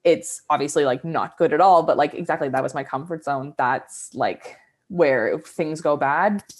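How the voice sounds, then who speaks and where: A woman's voice: low voice, normal speed. A young woman co-hosting a casual podcast, talking candidly and animatedly with frequent laughs. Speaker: podcast co-host. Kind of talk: casual chat.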